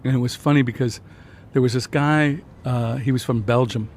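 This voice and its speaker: A man's voice: medium pitch, steady tone, moderate pace, darkish tone. Chatty fifties male guest, a storyteller who hops between anecdotes over faint traffic outside. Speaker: guest, guitarist. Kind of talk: casual conversation. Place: outdoor restaurant patio at night.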